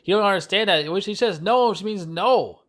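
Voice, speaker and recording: A man with a high, fairly bright voice rants angrily at a normal speed through a video movie review. He swears, repeats himself, and keeps restarting and stumbling over his words.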